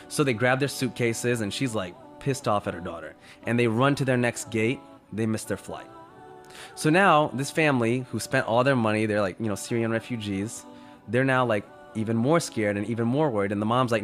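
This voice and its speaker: A man's voice: mid-range voice, a little fast, a bit bright, soft background music. A man telling a story in a casual, conversational way. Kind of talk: storytelling talk.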